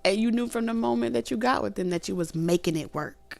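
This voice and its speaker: A fairly quick, creaky, medium-pitched woman's voice comes over faint background music. She's a tarot reader giving an informal, talkative reading, animated and full of laughter, acting out quoted voices along the way.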